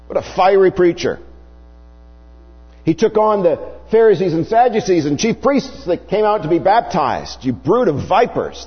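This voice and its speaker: A man preaching a sermon, slow and emphatic, his voice rising and falling widely as he stresses points. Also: breathy edge. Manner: slow, emphatic preaching with wide swings in pitch. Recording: dull, hummy recording with long reverb.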